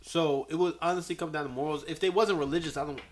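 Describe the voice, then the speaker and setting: A man's voice: fairly high pitch, steady tone, fast talker. A man co-hosting a casual podcast chat, emphatic and given to repeating his points. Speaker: podcast co-host.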